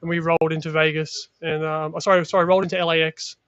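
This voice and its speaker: An Australian man telling stories in casual chat as a guest, energetic and full of slang. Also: on the high side, fast, clear, resonant tone, no room sound, muffled recording.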